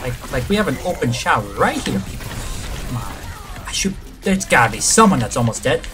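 A man giving excited live commentary on his own gameplay, reacting loudly to the action and muttering to himself between moments. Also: mid-range voice, a little fast, over loud music. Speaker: gaming channel host.

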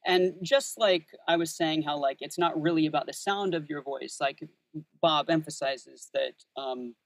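A Texas man in his thirties, a voice actor and audiobook narrator, speaks at a fairly high pitch and normal speed. He's chatting thoughtfully in a casual interview, full of fillers and restarts.

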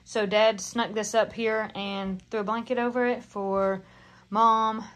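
A woman's voice: on the high side, little pitch movement, unhurried. A young woman with a Southern Appalachian accent, chatting casually in a family vlog at home. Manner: chatty, rambling, says "like" often. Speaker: vlogger. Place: family house, kitchen.

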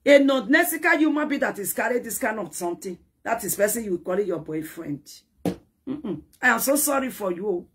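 A woman's voice: medium pitch, animated, a little fast, breathy edge. A woman ranting in a dramatic, scolding social media commentary, taunting and repeating herself.

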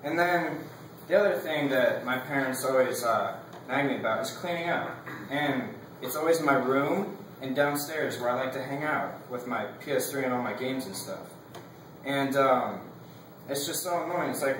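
A man's voice: mid-range voice, moderate pace, fairly bright tone, very echoey, distant mic, slight background noise, low-quality recording. A young man giving a casual class speech. He rambles, fills his talk with "like" and laughs between his points.

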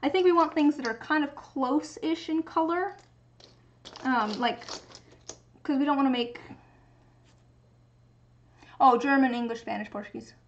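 High-voiced woman musing on stream. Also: measured pace, long pauses, highs cut off, a little hiss or hum. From United States. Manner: rambling, musing aloud, reading chat. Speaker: livestreamer. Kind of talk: casual crafting livestream chat.

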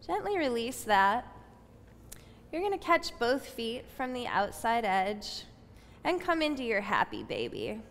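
A woman guiding a yoga session in a slow, soothing voice with gentle, steady instructions. Her words trail off into a long reverb from a spacious room, with faint ambience underneath. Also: on the high side, a little hiss or hum. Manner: calm, soothing, unhurried cues. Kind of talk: guided yoga class instruction.

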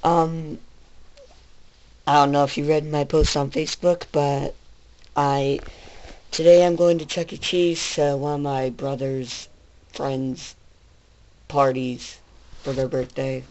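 A man's voice: on the high side, little pitch movement, takes it slowly, pauses often. A teenage guy vlogging on a handheld camera at a busy kids' pizza and arcade place, joking around in a goofy, exaggerated way. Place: indoor children's pizza and arcade venue. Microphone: handheld camera mic. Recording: loud crowd noise on camera mic. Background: loud crowd chatter and arcade noise.

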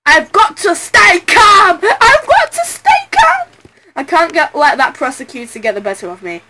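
A woman's voice: high voice, huge pitch swings, normal speed, very noisy. A woman voicing a nervous young female defense attorney who stammers and gets flustered.

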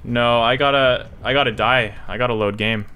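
A young man giving live gameplay commentary, swinging between low mutters and panicked yelps and shouts. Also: fairly even intonation, moderate pace, clean tone. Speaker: gaming YouTuber.

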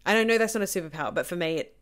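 Chatty actress, self-deprecating. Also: female voice, lowish voice, animated, very fast. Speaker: stage actor. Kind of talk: casual Q&A answers to camera.

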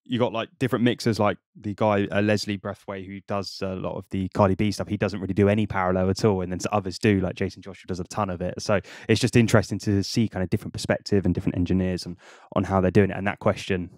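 A man hosts a casual podcast interview and keeps things relaxed and agreeable, often affirming his guest. His voice sits a little low. The sound is dry and close to the mic. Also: fast, no echo. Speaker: podcast host.

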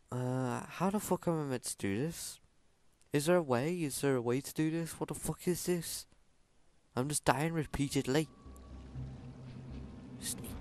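A young man shouting, laughing and swearing through panicky let's play commentary. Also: fairly high pitch, a little hiss or hum. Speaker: gaming channel host. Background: game music.

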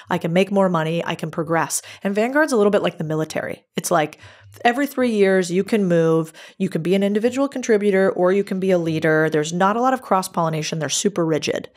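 A woman with a slightly low voice tells stories as a podcast guest. Her delivery is casual, brisk and frank. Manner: lively storyteller, brisk and candid. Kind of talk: casual interview storytelling.

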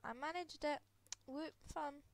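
A woman's voice: sits high, fairly even intonation, a little slow, creaky, heavy background noise. A woman with a cold, congested and sniffly, giving giggly, rambling, self-deprecating commentary over a video game. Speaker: gaming video creator. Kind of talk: casual gameplay commentary.

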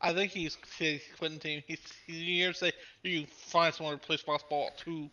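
A man's voice: on the high side, little pitch movement, brisk, bright, forceful tone, highs cut off. A laid-back man chatting with friends during an online squad game, often saying "man". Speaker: gamer on a stream. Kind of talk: casual gaming chat.

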